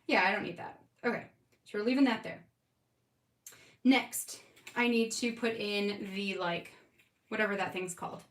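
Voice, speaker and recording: A woman's voice: medium pitch, normal speed, pauses often. A woman in her thirties hosting a live scrapbooking stream, chatting casually and giggling as she talks to viewers by name. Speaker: scrapbooking livestream host. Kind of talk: casual live crafting chat. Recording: roomy, from a distance.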